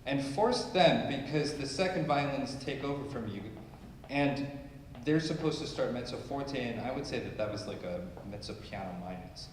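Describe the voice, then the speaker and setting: A man coaching a school string orchestra in rehearsal, giving brisk instructions, singing phrases and counting the players in. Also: mid-range voice, a little hiss or hum. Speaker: orchestra clinician. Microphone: distant camera mic. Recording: echoey hall from far off, orchestra audible. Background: string orchestra playing.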